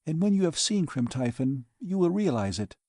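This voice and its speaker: Storybook part: a bold, teasing alien woman, put on by a male narrator, warm low timbre. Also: big pitch swings, moderate pace, dry recording, studio quality. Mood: cool, matter-of-fact.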